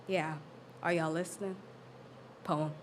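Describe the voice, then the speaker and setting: A woman's voice: sits low, fairly even intonation, unhurried, a little hiss or hum. A woman performing spoken word at an open mic, leading the crowd in a call-and-response chant. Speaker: performing poet. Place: live open mic in a community center.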